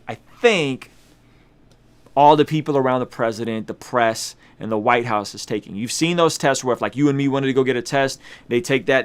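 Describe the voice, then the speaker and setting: A man's voice: medium pitch, fairly bright tone, clean tone. A man hosting a casual vlog, talking straight to his viewers, emphatic and repeating lines for effect. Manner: addresses viewers directly, conversational slang. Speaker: YouTube host.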